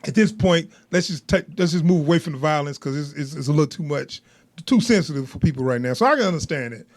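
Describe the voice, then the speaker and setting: A man's voice: on the high side, animated, quick pace, dry recording. A young man co-hosting a podcast in casual chat, laughing often and rambling in loose slang. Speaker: podcast co-host.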